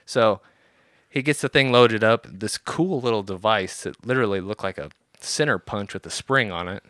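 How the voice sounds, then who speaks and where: A man telling a story on a podcast in a casual, animated and profane way. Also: on the low side, moderate pace, no room sound, clean studio sound.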